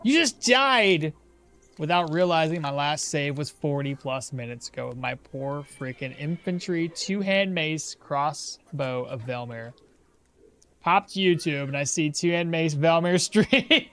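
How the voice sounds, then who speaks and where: Male game streamer, slightly high voice, casual and chatty, faint background music. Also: lively intonation, measured pace, fairly bright tone, clear, resonant tone. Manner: chatty, thinks aloud, reads chat and laughs often. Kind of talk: casual live-stream commentary.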